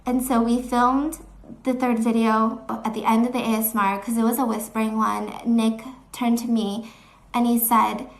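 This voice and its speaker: A woman with a high-pitched voice tells a personal story. She sounds earnest and shaken, often doubting herself as she talks it through. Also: little pitch movement, moderate pace. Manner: earnest, shaken, self-questioning. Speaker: storyteller vlogger.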